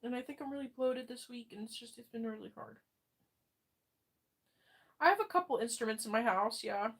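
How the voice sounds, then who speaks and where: A woman streamer with a slightly high voice talks through her chat while close to tears. She speaks haltingly and rambles, stopping and restarting as she runs herself down. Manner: halting, rambling, self-deprecating. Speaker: livestreamer. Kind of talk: live chat reading and reply.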